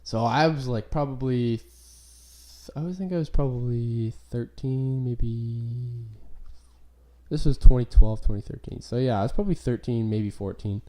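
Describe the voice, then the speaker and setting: A man's voice: mid-range voice, unhurried, dark tone. A young man, hosting a podcast and rambling through casual stories with lots of swearing and "like" fillers. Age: young adult. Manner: rambling, profane, full of "like" fillers. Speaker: podcast host. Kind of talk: casual chat.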